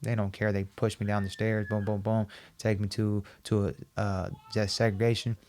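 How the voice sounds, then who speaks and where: A man as a podcast guest, recounting a personal story and acting out the dialogue in an animated, repetitive way. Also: lowish voice, moderate pace, a little hiss or hum. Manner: animated, acts out quoted dialogue, repeats himself.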